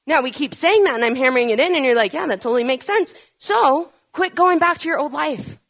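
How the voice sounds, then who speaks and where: A woman's voice: high-pitched, animated, a little fast, fairly bright tone. A woman preaching a sermon, asking rhetorical questions and building to urgent, emphatic peaks.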